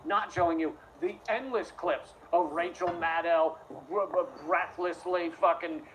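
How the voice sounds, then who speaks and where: A man's voice: on the high side, steady tone, measured pace, background noise. A man in a played clip delivering a sardonic, scornful political commentary monologue.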